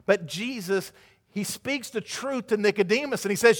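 A man preaching a sermon in an emphatic manner, swinging from loud passages to hushed ones. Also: extremely high pitch, moderate pace. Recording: hall reverb.

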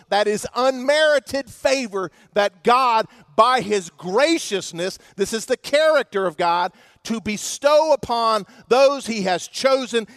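Man, pastor preaching, very high voice, dry close sound, emphatic. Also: fairly bright tone, dry recording. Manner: emphatic, slows to stress scripture and asks the congregation questions. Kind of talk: sermon.

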